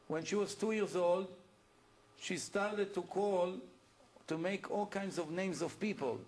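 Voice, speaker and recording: A man lecturing as a rabbi, telling stories in a plainspoken way. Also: sits high. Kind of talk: lecture to an audience.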